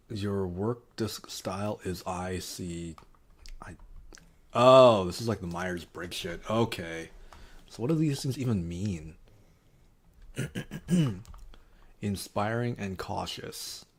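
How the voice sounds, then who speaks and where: Man, husky voice, unhurried, offhand sarcastic muttering, casual streamer. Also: sits low, lively intonation. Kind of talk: casual streaming chat, reading quiz options aloud.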